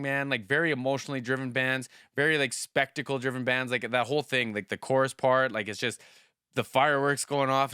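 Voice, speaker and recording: A man's voice: mid-range voice, bright, forceful tone, clean tone, dry recording, studio quality. A man hosting a music reaction video, chatting casually and enthusiastically with a rambling flow of fillers.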